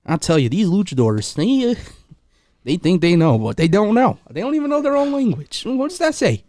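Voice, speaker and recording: A podcast host with a notably high voice that swings up and down all the time. He banters in a teasing, profane way and slides into mock-angry rants. The sound is dry and close, with no room echo. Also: very animated, a little fast, darkish tone. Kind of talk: joking casual chat.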